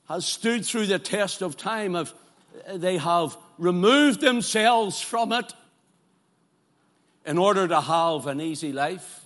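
Bright-voiced fervent male preacher. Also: sits high. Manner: swings from loud fervent preaching to quiet pleading questions. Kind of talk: sermon. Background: congregation present, also streamed live.

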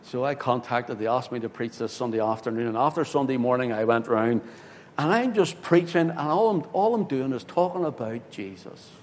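A man, a pastor telling a story in a sermon, swinging from loud, excited bursts to hushed tones. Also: normal speed. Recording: hall reverb with faint rumble.

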